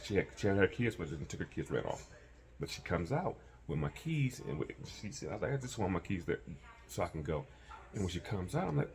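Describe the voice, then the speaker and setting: A man casually telling a personal story, animated and acting out the voices of people he quotes. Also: on the low side, brisk, creaky.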